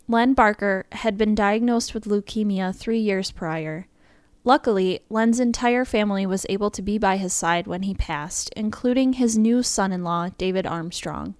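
A woman co-hosting a podcast reads a prepared script, occasionally breaking off for laughing asides. Her mid-range voice is smooth, and the recording is dry.

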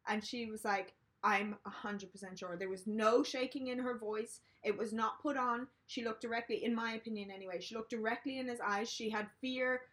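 A woman's voice: fairly high pitch, fairly even intonation, a little fast, few pauses, fairly bright tone. A young woman, a podcast co-host who rambles and searches for words in casual chat.

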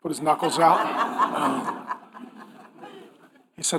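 A middle-aged man preaching a sermon. He speaks emphatically and drops to a hushed, intimate tone for stories. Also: on the high side, expressive, slow, pauses often, breathy edge. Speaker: pastor.

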